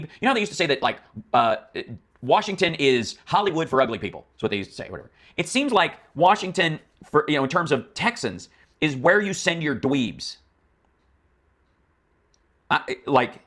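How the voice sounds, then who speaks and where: Bright-voiced man ranting profanely. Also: a little high, big pitch swings, fairly quick. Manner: profane, mocking, exasperated; rambling with many restarts. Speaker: political commentary streamer. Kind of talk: ranting political commentary.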